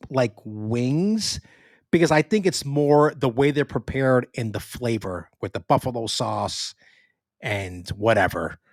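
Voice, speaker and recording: A man co-hosting a casual sports podcast with a New York accent, talking in an animated way with frequent swearing and restarts. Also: medium pitch, dry recording, studio quality. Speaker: podcast co-host.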